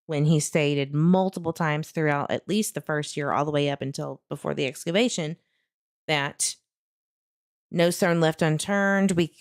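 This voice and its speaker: A woman with a low-sitting voice hosts a true crime channel, chatting casually to viewers while searching online. She sounds frustrated and laughs between remarks. The sound is clean studio audio with no room sound.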